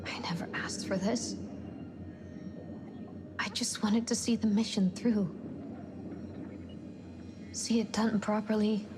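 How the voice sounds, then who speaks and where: An actress as Isley, weary reluctant officer. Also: female voice, mid-range voice, fairly even intonation, background noise, lightly acted. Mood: strained. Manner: quiet, halting, at times whispered. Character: weary female executive officer, strained and reluctant leader.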